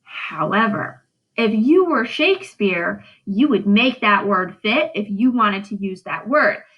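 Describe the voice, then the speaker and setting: A woman's voice: mid-range voice, expressive, a little slow, muffled recording. A woman teacher giving a recorded English lesson, drawing out syllables and checking in with "right?". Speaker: high school English teacher.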